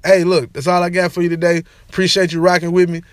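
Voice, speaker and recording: A young man with a high voice delivers a casual opinion rant straight to camera. He talks in slang, repeats his catchphrases and keeps things animated. The sound is close and dry with no room echo. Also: fast. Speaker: sports and entertainment vlogger.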